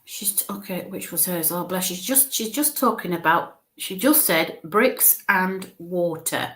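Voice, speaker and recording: A woman medium giving a live reading, speaking haltingly, searching for words, repeating phrases and often checking in with the listener. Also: fairly low pitch, animated, a bit bright. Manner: searches for words mid-sentence. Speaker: spiritualist medium.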